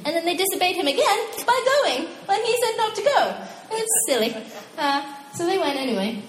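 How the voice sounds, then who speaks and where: A young woman preaching a casual, animated sermon, chatty and quick to laugh at her own asides. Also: very high voice, a little hiss or hum. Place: church hall. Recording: echoey hall with long reverb.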